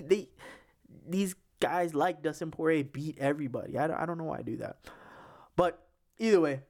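A man's voice: fairly high pitch, darkish tone. A young man hosting a casual sports podcast, rambling with many restarts and fillers. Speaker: podcast host.

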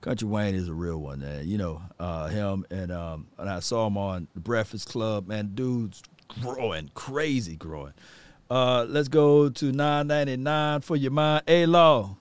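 A man's voice: lowish voice, unhurried, smooth, no echo. A man casually commenting with amusement while reacting to a comedy video.

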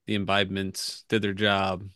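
A man with a lowish voice hosts a casual sports podcast. He trades dry wisecracks with his co-hosts. His voice sounds dry and close. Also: monotone, normal speed, a bit bright, no room sound. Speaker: podcast host. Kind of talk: casual chat.

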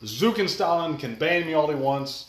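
A man's voice: fairly high pitch, animated, moderate pace, echoey room. A man hosting a podcast, talking in a brash, blunt and joking way. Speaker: podcast host. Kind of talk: casual podcast chat.

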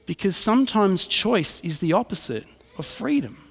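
A man's voice: high-pitched, very animated, normal speed, vocal fry, breathy edge. A man, a pastor preaching a sermon in a casual storytelling way, often checking in with "right?". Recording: reverberant hall.

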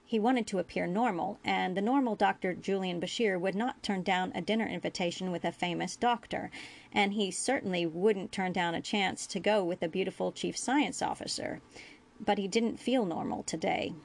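A woman reading fan fiction aloud as a storyteller, with a steady pace and small slips. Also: mid-range voice, moderate pace, creaky. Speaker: audiobook reader.

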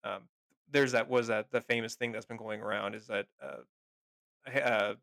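Male podcast co-host, gravelly, sarcastic and profane, close and dry. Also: lowish voice, steady tone, normal speed, fairly bright tone, no room sound. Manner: profane, sarcastic, laughs often. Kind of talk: casual chat.

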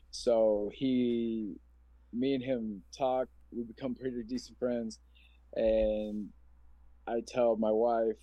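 A man's voice: fairly low pitch, dark tone, dry recording. A man in his forties from Omaha, Nebraska, telling his personal story as a podcast guest in an earnest, rambling, emotional way. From Omaha, Nebraska, USA. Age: 40s.

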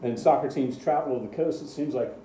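Sports co-host, male, very dark mellow tone, roomy echo with faint hiss; reads scores, dry asides. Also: mid-range voice, a little fast. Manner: rattles off scores, dry sarcasm. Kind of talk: casual radio sports chat.

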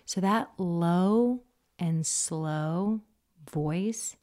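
A woman giving parenting advice in casual conversation, animated and often acting out soft, low quoted voices. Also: extremely slow. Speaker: parenting expert.

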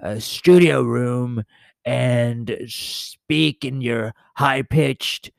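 A man playing a brash male conspiracy talk-show host in an improvised comedy sketch, hoarse and scoffing at his guests. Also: mid-range voice, very slow, no echo, clean studio sound. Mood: mocking. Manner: scoffing, mocking retorts. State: losing his voice.

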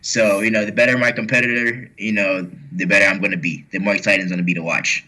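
A man's voice: lowish voice, fairly even intonation, fast talker, sharp tone, rough recording. A man speaking as a guest athlete in a casual interview, rambling with many fillers and restarts. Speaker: powerlifter guest.

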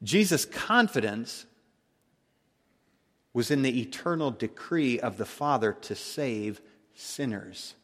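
A man preaching a sermon, emphatic, swinging between loud declarations and hushed tones. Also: mid-range voice, animated, slow pace, long pauses, long reverb tail.

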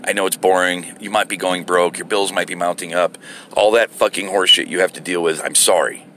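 A man's voice: deep voice, fairly even intonation, brisk, fairly bright tone, a little hiss or hum. A man with children and a wife, ranting angrily with heavy profanity in a heated monologue. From United States. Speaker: vlogger.

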